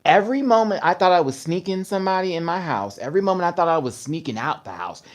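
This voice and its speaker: A man's voice: high voice, fast. A man hosts a casual livestream and talks straight to his viewers. He tells stories with energy and acts out the words of the people in them. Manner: animated storytelling, acting out his mother's words. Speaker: host.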